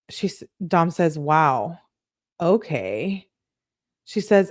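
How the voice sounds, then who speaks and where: A woman hosting an online show, reading text messages aloud and breaking in with quick reactions of her own. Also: low voice, lively intonation, a little mellow, dry recording, studio quality. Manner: reads quotes then breaks in with quick reactions. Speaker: online true-crime show host.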